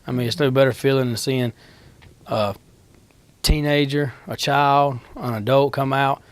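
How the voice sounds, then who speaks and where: A man's voice: mid-range voice, fairly even intonation, measured pace, clean tone, no echo. A man, a utility line crew worker answering interview questions in a plain, practical, matter-of-fact way.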